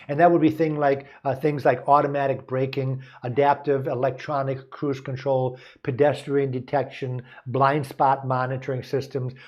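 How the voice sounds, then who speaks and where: A man's voice: mid-range voice, a little mellow. American man, car dealer host, folksy rambling advice, asides and restarts. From United States. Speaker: car dealer hosting a show. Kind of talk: casual advice talk, partly reading aloud.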